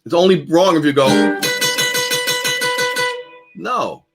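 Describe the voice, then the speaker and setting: A man teaching a guitar master class in a loose, conversational lecture style, his voice sitting a little on the high side. He drives points home by repeating phrases, and he lets his volume rise and drop freely as he talks. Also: expressive, slow, creaky. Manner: swings between loud and soft.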